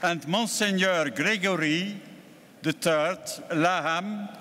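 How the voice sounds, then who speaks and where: An older man with a Belgian accent giving a formal political speech at a party congress, measured and deliberate with emphatic stresses. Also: high-pitched, pushed and bright, a faint crowd. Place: large congress hall. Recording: long hall reverb from a congress venue.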